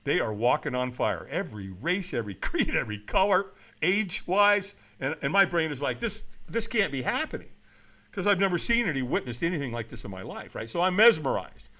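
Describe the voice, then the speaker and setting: A middle-aged man telling a story as a podcast guest, acting out the voices of the people in it and shouting for emphasis. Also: a little high, sing-song, a little fast, few pauses. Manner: dramatic retelling, acts out quoted voices, shouts for emphasis. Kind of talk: animated storytelling.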